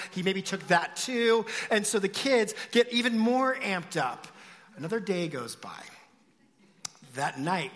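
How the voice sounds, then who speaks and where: Male pastor, bright and animated, storytelling sermon delivery, big dynamic swings, long church-hall reverb. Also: on the high side. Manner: animated storytelling, swinging from shouts to hushed whispers.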